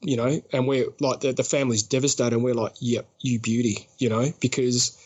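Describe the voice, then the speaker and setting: An Australian man appears as a casual podcast guest, telling his story energetically at a mid pitch. He plays out other people's lines in quick bursts and laughs a lot. His intonation is fairly even and his tone a little mellow, with the high frequencies cut off.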